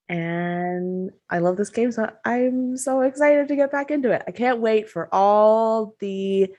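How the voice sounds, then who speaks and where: Slow-talking excitable woman player. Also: medium pitch. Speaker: player and content creator. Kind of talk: casual stream intro.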